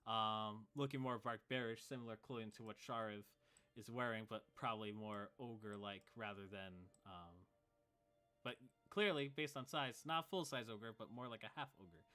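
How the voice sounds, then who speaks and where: A man's voice: fairly low pitch, normal speed, sharp tone, clean tone, soft background music. A man narrating as game master of a tabletop game, in a casual way with fillers.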